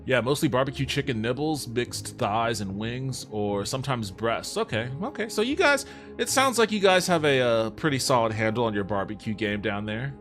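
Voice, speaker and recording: A man riffs casually with his viewers on a livestream, reading their messages aloud and answering them. His talk is loose and sprinkled with swearing. Faint music sits softly in the background. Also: mid-range voice, animated, moderate pace. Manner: laid-back and profane, reads chat aloud and answers it.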